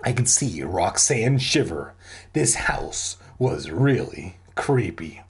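Slow husky reader doing a spooky book out loud, goofy swearing asides, pitch jumps all over. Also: big pitch swings. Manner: jokey, irreverent, swears in asides. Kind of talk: casual read-aloud with jokey asides.

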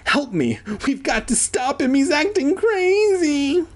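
Man voicing an anxious young boy for a storybook read; pitched up, lively. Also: unhurried, husky, full character voice. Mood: urgent. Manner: raised, calling out.

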